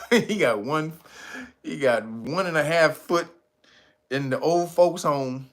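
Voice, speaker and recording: A man's voice: on the high side, slow pace. Man giving loose, joking news commentary. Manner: loose, joking and slangy, breaking into laughter. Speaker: commentary show host. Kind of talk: casual profane news commentary.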